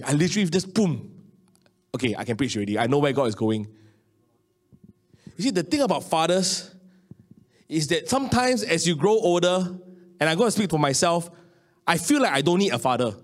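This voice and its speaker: A man in his late thirties with a Singaporean English accent, preaching a sermon and telling personal stories, swinging between hushed low lines and raised excited ones. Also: fairly quick. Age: 30s. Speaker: pastor.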